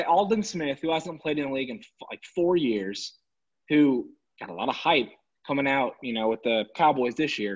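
A man ranting casually and sarcastically about his football team, exasperated and animated. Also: mid-range voice, husky. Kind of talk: casual sports rant. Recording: dull lo-fi recording.

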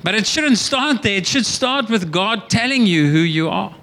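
A man's voice: sits high, lively intonation, normal speed, sharp tone. A man preaching a sermon as pastor, earnest and emphatic, often repeating and restarting words.

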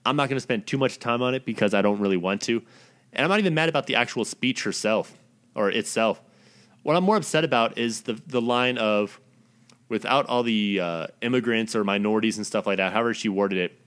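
A man's voice: fairly low pitch, brisk, fairly bright tone. A man delivering a profane, blunt, exasperated ranting monologue as the host of his own recording.

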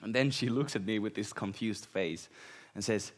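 With a Finnish accent and a lowish voice at normal speed, a man from Finland preaches as a guest, telling personal stories. He is animated and self-deprecating and laughs often.

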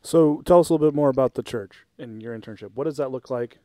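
A man's voice: mid-range voice, fast, mellow, dry recording. A young man co-hosting a podcast, asking friendly questions and laughing easily. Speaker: podcast co-host. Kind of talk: casual chat.

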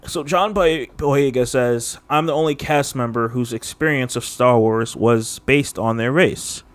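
A man's voice: mid-range voice, unhurried. A man co-hosting a podcast, chatting casually and rambling, with lots of filler words and frequent laughs. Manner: rambling, heavy use of "like", laughs often. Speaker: podcast co-host. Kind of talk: casual chat.

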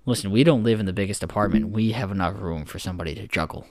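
A man's voice: low-pitched, fast talker, darkish tone, no echo. A man co-hosting a podcast, joking around in casual banter and swearing freely. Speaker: podcast co-host. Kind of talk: casual chat.

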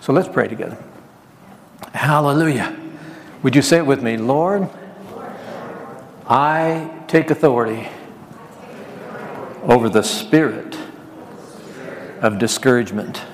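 A male pastor preaches with a gravelly edge to his voice, now and then calling on the congregation to repeat his words. His voice rings out in a reverberant hall, with a faint background hum. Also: mid-range voice, lively intonation, takes it slowly, long pauses. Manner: preaching with call-and-response and acted quotes. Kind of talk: sermon.

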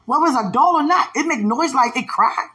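A woman voicing a stern, exasperated mother who scolds her children in a fast, rising tone. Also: medium pitch, bright, forceful tone, slightly rough. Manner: scolding, rapid.

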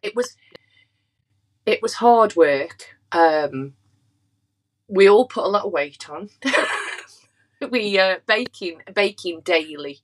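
Woman with a lively, swinging voice. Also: medium pitch. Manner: halting, restarts sentences. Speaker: podcast guest, baker. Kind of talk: casual chat.

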